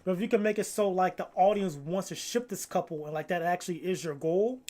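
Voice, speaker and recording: A person giving casual reaction commentary in a relaxed, slangy, enthusiastic way. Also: medium pitch, brisk. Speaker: video commentator.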